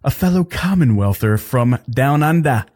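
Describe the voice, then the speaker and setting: A man hosting his own podcast, talking in an energetic, chatty way with lots of fillers and restarts. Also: mid-range voice, normal speed. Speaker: podcast host. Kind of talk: casual solo podcast talk.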